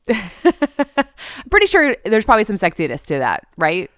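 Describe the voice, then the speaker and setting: A woman's voice: mid-range voice, wildly swooping pitch, measured pace, fairly bright tone, dry recording, studio quality. A woman co-hosting a casual movie podcast, retelling scenes with quoted lines and frequent laughter. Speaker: podcast co-host. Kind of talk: casual movie review chat.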